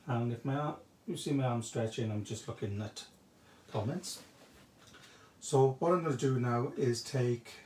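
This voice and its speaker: A man's voice: medium pitch, darkish tone. A chatty man hosts a live craft demonstration, greeting viewers by name as he walks through each step. His voice rings around a roomy, echoey indoor space. Faint background noise sits underneath. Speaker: craft shop host demonstrating a technique.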